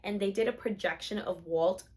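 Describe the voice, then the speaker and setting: A woman's voice: mid-range voice, moderate pace, heavy background noise. A young woman vlogging about theme parks, gushing and emotional as she talks. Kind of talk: excited theme park vlog chat.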